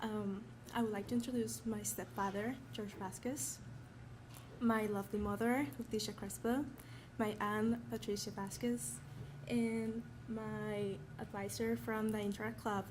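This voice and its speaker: Teen student from Mexico, Mexican accent, flat-toned and nervous at a noisy school event. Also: female voice, mid-range voice, unhurried. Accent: Mexican Spanish. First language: Spanish. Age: teens. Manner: nervous, apologetic, earnest. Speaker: honored student. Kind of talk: award acceptance speech.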